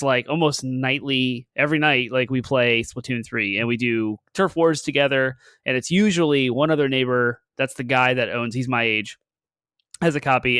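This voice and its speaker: A man's voice: mid-range voice, pushed and bright, no room sound. A man in his thirties, a podcast co-host, telling a rambling story in casual chat, full of fillers.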